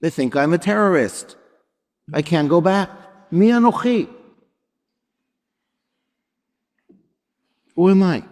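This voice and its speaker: A man's voice: high voice, lively intonation, moderate pace, dark tone, voice pushed up. A rabbi voicing Moses as a doubting older shepherd who pleads that he is too small for the task, in a raised voice. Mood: anxious doubt. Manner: self-doubting, pleading questions. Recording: long reverb of a large hall.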